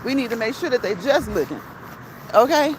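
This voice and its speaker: A woman vlogging while out on a walk, telling a story in a casual, animated way, laughing often and reading viewer comments aloud. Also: on the high side, brisk, noisy background. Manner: reads live chat comments aloud. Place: outdoors on a walk.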